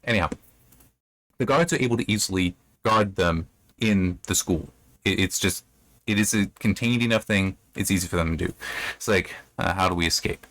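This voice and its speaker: On his channel, a book reviewer chats loosely through a chapter's plot, wandering as he goes and putting on silly mock voices. He has a low-pitched, fairly bright voice and speaks at normal speed.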